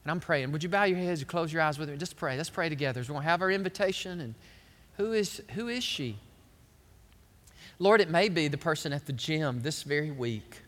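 A middle-aged man preaching a sermon as pastor, telling folksy stories with big swings in his voice. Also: fairly quick. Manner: animated, folksy storytelling with big swings up in pitch. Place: large church hall. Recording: long hall reverb.

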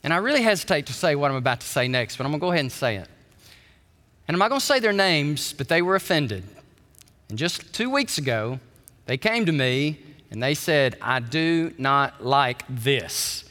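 A pastor preaches in a big church, his bright, forceful voice ringing through a long reverb. He swings from hushed, low asides up to high, loud bursts. His pitch sits a little high for a man. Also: sing-song, brisk. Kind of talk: sermon. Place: church sanctuary.

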